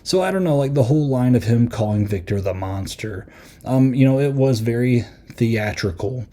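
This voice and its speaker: Casual man with a dark, mellow voice. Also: mid-range voice, animated, moderate pace. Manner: rambling, many fillers, acts out quotes. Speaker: podcast host reviewing a film. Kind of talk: casual spoken film review.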